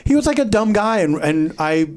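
A man's voice: high-pitched, sing-song, fairly quick, noisy background. A man who is a guest on a comedy podcast, telling stories about himself in a wry, self-mocking way. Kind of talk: casual comedy chat.

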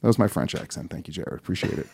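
A man's voice: deep voice, racing, gravelly, darkish tone, slight background noise. A man hosting a comedy podcast, talking brashly and crudely, teasing his cohosts with profanity. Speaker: podcast host.

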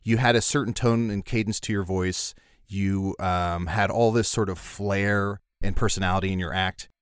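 A lower-voiced man trading jokes in a relaxed podcast conversation. He teases his co-hosts with quick quips. His voice sounds close and dry, with little room echo. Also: clean tone. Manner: joking, teasing. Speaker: podcast co-host. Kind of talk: casual chat.

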